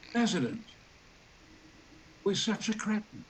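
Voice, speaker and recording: A man in his eighties with a Yorkshire accent, a talk show guest telling stories theatrically and acting out the characters with booming outbursts. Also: unhurried, a little hiss or hum, rough recording. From Yorkshire, England. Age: 80s. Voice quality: booming, larger-than-life delivery with sudden loud outbursts. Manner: animated storyteller who acts out every character.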